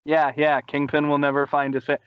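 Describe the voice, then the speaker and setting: Man, podcast host, animated recap, slightly high voice, dull dry recording. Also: a little fast, clear, resonant tone, no echo. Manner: animated, laughing, acts out quotes in high voices. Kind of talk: casual podcast chat recapping a cartoon episode.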